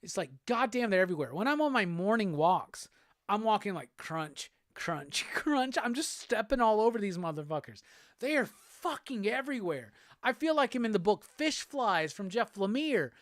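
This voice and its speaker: With a high, very animated, somewhat bright voice at a moderate pace, a man from the Southern United States hosts a livestream and reads viewer comments. The chat is casual and profane, laid-back, and full of laughter, captured in clean studio sound with no room sound.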